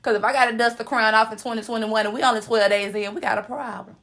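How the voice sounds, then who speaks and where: A woman's voice: on the high side, steady tone, fast talker, a bit bright. A woman hosting a motivational podcast monologue, sassy and profane, preaching and repeating lines for emphasis. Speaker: podcast host.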